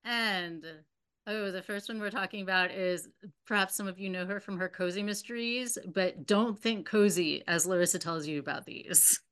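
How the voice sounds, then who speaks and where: A woman co-hosts a relaxed bookstore chat, chiming in with comparisons. Her voice is smooth and clear, at a middle pitch. She talks in an easygoing way, full of "like" and "you know.". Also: moderate pace. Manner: chatty, adds comparisons with fillers like "you know". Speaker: bookstore co-host. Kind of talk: casual book recommendation chat.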